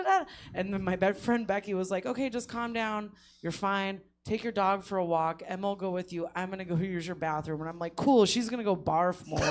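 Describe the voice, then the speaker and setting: A woman's voice: fairly low pitch, a little hiss or hum. Laughing woman telling a wild story. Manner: laughs often while telling, animated voices for quotes. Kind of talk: casual comedic storytelling. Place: comedy theater stage.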